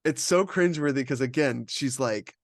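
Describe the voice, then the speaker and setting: A man's voice: medium pitch, moderate pace, no room sound, studio quality. A young man co-hosting a film podcast, talking casually and rambling with lots of "like". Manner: rambling, heavy use of "like", animated retellings. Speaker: podcast co-host reviewing films. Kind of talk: casual chat.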